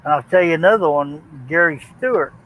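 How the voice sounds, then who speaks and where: A man's voice: a little high, expressive, brisk, fairly bright tone, slight background noise, poor audio. A man in his fifties, a regular on a live stream, chatting casually with brief replies and laid-back reminiscing. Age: 50s. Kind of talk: casual chat.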